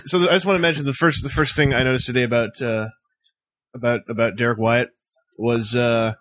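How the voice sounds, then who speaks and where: A man's voice: medium pitch, steady tone, brisk, fairly bright tone, dry recording. A man hosting a podcast at a fan convention, chatting casually with many fillers and restarts into a handheld mic. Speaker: podcast host. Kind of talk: casual chat. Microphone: handheld mic passed between speakers.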